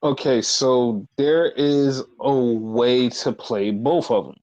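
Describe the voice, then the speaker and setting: A man's voice: mid-range voice, fairly even intonation, slow pace, darkish tone, lo-fi sound. A man co-hosting a casual podcast, swearing freely and acting out quotes in mocking voices. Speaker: podcast co-host. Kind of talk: casual chat.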